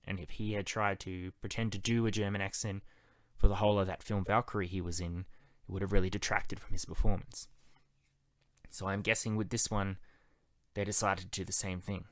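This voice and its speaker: A man's voice: lowish voice, dry recording. A man reviewing a TV series in a casual, enthusiastic, conversational monologue. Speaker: TV show reviewer.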